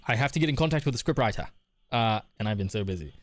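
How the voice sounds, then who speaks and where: A man's voice: on the low side, animated, fast. A man streaming live, chatting casually and candidly with his viewers while reading their messages, laughing often. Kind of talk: casual chat.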